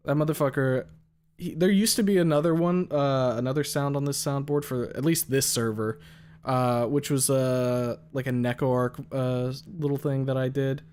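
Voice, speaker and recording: A young man hosting a live stream talks casually in a voice of middling pitch. His speech is loose and rambling and full of curses and fillers. He reacts to chat as he goes. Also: steady tone, normal speed, darkish tone, clear, resonant tone. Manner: loose and profane, many fillers. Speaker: streamer host.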